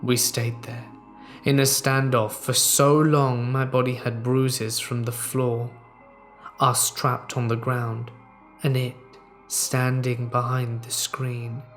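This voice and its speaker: A man narrating a horror story in a measured, hushed, suspenseful way. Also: mid-range voice, flat delivery, soft background music.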